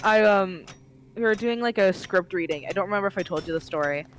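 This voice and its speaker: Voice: medium pitch, fast, a little hiss or hum. A young adult chatting on a game stream, telling stories with lots of fillers. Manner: chatty storytelling with many likes. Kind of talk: casual gaming chat.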